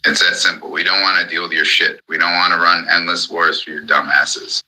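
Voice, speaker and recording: A man's voice: sits low, fairly even intonation, fairly quick, bright, forceful tone, breathy edge, low-quality recording. A man in an angry, profane ranting monologue on a live audio chat, hammering the same points again and again. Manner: furious, profane, repetitive.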